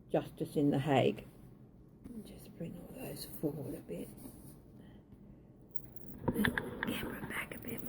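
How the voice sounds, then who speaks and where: A woman's voice: medium pitch, warm tone, slightly rough. A woman giving a tarot reading, thinking aloud, hesitant and correcting herself as she goes. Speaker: tarot reader.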